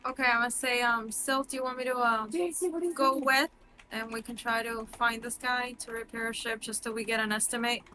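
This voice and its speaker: Highish bright woman, kinda tentative, tabletop player. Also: level tone, brisk, a little hiss or hum. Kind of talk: casual in-character play.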